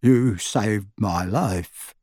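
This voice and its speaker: A man voicing a big, awkward teenage boy who mumbles slowly and low. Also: no room sound, studio quality. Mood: mumbling.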